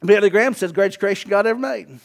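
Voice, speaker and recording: A pastor in his forties with a strikingly high voice, preaching with emphasis. He builds his lines into shouts and drives each point home. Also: quick pace, creaky. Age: 40s. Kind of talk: sermon.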